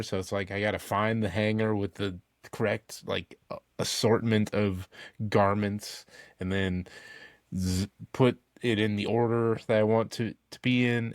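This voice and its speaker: A man co-hosting a casual comedy podcast, telling absurd jokes in a deadpan way and laughing often. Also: on the low side, no room sound, studio quality. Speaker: podcast co-host.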